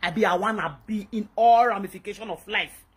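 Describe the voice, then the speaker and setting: A woman's voice: mid-range voice, a little fast, slightly rough. A woman with a Nigerian accent in a played clip, talking in a rambling, hesitant way. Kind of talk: confessional clip.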